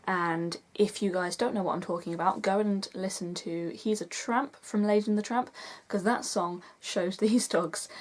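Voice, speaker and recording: A young woman vlogging in a chatty, enthusiastic way, gushing as she counts down a list. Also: mid-range voice. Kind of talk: casual vlog countdown.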